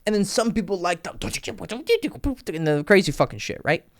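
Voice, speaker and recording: Young male dating coach, casual and profane, voice swings widely in pitch, throws in sound effects. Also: unhurried. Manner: animated, swears freely, vocal sound effects. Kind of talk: casual advice monologue.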